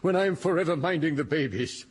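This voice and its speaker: A man's voice: a little high, lively intonation, fast talker, breathy edge. An actor playing a pompous, self-pitying unemployed father in a radio comedy, speaking in grand theatrical phrases.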